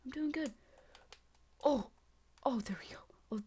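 A woman giving casual, excitable gameplay commentary, talking to herself and running herself down, swinging from muttering to shrieking. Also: high-pitched, a little slow, pauses often, slightly rough. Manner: self-deprecating, talks to herself. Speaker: gaming channel host.

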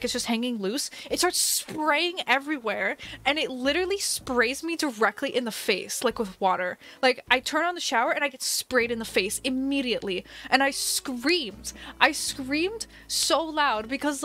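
Chatty young woman streamer, animated. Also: on the high side. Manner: chatty, animated, lots of fillers and laughs. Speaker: gaming livestream host. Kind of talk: casual storytelling chat while gaming.

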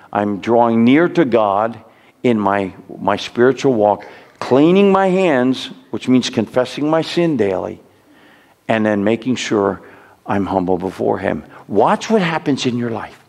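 A man's voice: medium pitch, lively intonation, a little slow, vocal fry, a little mellow, big-room sound. A man preaching a sermon as pastor, earnest and pleading, often repeating words as he urges his listeners on. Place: church sanctuary.

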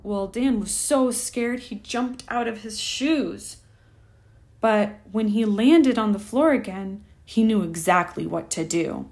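A woman reading a rhyming children's picture book aloud with a lively, rhythmic delivery. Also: medium pitch, takes it slowly, gravelly. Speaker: storyteller.

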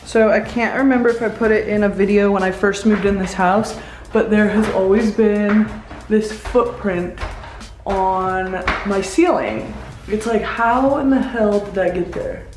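A woman's voice: medium pitch, unhurried, music in the background. A young woman vlogging a home room makeover, chatting and explaining as she works indoors. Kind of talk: casual vlog narration. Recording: echoey bare room.

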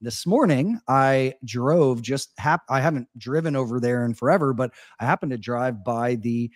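In Austin, a man co-hosts a money talk show, casually telling stories in a laid-back way packed with filler words. His mid-range voice moves at a moderate pace, and the studio recording is clean and dry.

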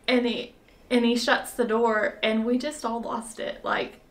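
A woman volunteer tells a story in conversation, her voice a little high. She rambles with fillers and restarts and frequently breaks into laughter.

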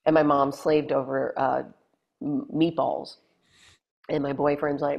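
Middle-aged woman, low voice, animated storyteller who acts out quotes; interview guest. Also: unhurried, creaky, pauses often, lo-fi sound. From Texas, USA. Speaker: guest, former reality show contestant.

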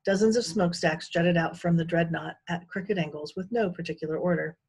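A woman teacher reads a children's chapter book aloud with calm, measured pacing. Her voice is slightly husky and sits a bit low. She narrates steadily between the characters' lines.

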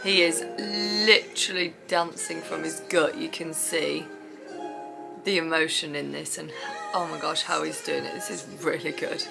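A woman reacting to a dance show in casual, gushing commentary that swings between squeals and quiet awe. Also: low voice, measured pace, creaky, poor audio. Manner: excitable, gushing, squeals and laughs. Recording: loud TV music behind the voice. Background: TV show music playing.

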